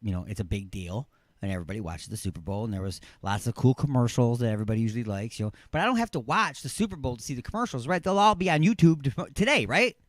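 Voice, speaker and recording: A middle-aged man hosting a call-in radio show from a studio, joking and rambling excitedly. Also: mid-range voice, quick pace, dry recording. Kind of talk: casual call-in radio chat.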